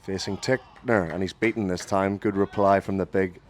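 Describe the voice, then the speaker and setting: A man leading a radio cricket broadcast from a commentary booth, calling each ball in a lively way and correcting himself as he goes. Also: low-pitched, normal speed, slight background noise.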